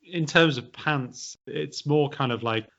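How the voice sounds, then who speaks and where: A man's voice: a little high, a little slow, creaky, fairly bright tone. British man hosting a language chat. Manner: thoughtful, hedging, poses quiz questions. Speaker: podcast host. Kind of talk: casual explanatory chat. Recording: dull lo-fi audio.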